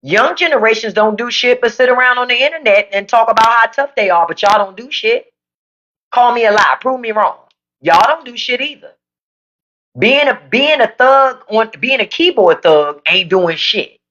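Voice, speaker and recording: A woman's voice: a little high, animated, moderate pace, a bit bright, muffled recording. A woman hosting a live stream, delivering a blunt, profane political rant to her viewers. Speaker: livestream podcast host. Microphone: phone or desk mic for a live stream.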